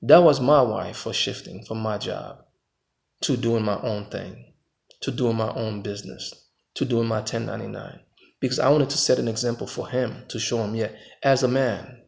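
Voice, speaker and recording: A man's voice: moderate pace, vocal fry. An American man and father giving an emphatic, preachy motivational monologue as a vlogger. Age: adult father. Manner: emphatic, preachy, swings between loud pushes and low reflective stretches.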